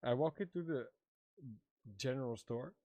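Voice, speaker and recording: A man's voice: mid-range voice, normal speed, no echo, close to an everyday voice. A man playing Mato, a playful married tribesman in a western roleplay, telling stories in broken English and acting out the voices of others. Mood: amused. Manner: broken English, animated retelling with quoted voices. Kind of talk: in-character roleplay chat.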